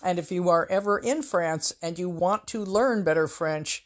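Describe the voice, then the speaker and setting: A woman's voice: lowish voice, moderate pace. A woman from the US Pacific Northwest telling casual anecdotes in a wry, conversational, self-mocking way as host of her own storytelling show.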